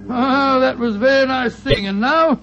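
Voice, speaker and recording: Jolly flustered watson in a santa suit, very high voice, muffled old radio. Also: male voice, measured pace, creaky, over loud music, heavily acted. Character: Doctor Watson, genial bumbling man dressed as Santa. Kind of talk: 1940s radio acting. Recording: dull old radio recording.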